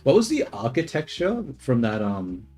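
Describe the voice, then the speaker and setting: A young man with a darkish, mid-range voice whose pitch swoops wildly talks at a moderate pace while streaming 3D modeling. Over soft background music, he thinks aloud casually, trailing off and revising himself.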